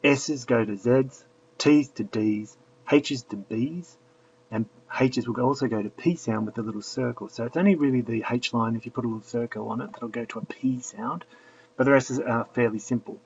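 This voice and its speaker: A man's voice: medium pitch, moderate pace, vocal fry, a little mellow, a little hiss or hum. A man teaching a language lesson, patiently explaining and repeating drills aloud. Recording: dull lo-fi recording.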